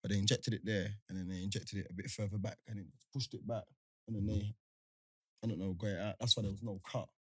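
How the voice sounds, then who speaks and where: Young guy telling a story, lots of laughing, gets loud and excited, dry sound. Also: on the low side, quick pace, breathy edge, no echo. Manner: animated storyteller, laughing often, rising to near shouts. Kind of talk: casual chat.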